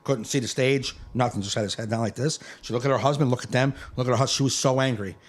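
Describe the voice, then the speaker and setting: A man's voice: mid-range voice, fast talker. Guy comic telling a story on his podcast, acts out voices, cusses a bunch. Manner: animated storytelling, swears freely, acts out voices. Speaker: comedian and podcast host. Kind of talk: casual podcast chat.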